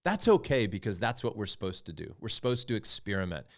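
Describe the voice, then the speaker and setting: Earnest low-voiced man telling stories. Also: quick pace. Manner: earnest and reflective, animated when recounting stories. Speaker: podcast guest, founder of a fathers' group. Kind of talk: candid conversational storytelling.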